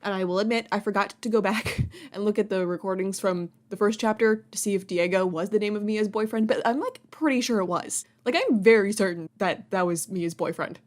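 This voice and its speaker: A woman's voice: medium pitch, a little fast, few pauses. A woman hosting a let's play, chatting and giggling as she reads a game aloud.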